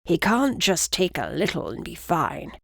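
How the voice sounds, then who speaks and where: A woman voicing a male griffin informant who speaks in low, grim, urgent warnings. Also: very animated, measured pace, gravelly, husky, dry recording, clean studio sound, exaggerated voice.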